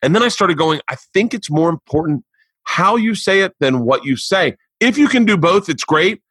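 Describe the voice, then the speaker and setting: A man's voice: high voice, expressive, moderate pace, fairly bright tone, husky, dry recording. A man hosting a podcast, talking loosely and asking curious questions, swearing now and then in casual chat. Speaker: podcast host.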